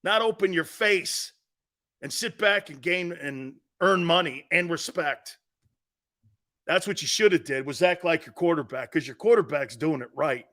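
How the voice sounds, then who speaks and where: A man's voice: a little high, expressive, a little slow, fairly bright tone. A man hosting a sports talk show, blunt and brash, trash-talking callers and hammering his points home with a repeated "Okay?".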